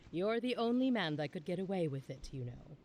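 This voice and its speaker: A woman's voice: lowish voice, animated, a little slow, darkish tone, faint music behind, pitched below the performer's own voice. Woman playing a wry, sarcastic heroine. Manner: dry, teasing sarcasm. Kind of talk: game voice reading.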